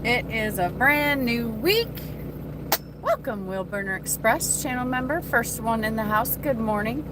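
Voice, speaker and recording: In a very noisy recording, an American woman chats over morning coffee from the cab of her truck, calling out viewers by name as a livestream host. Her voice is a little high with lively intonation, and she speaks a little slowly.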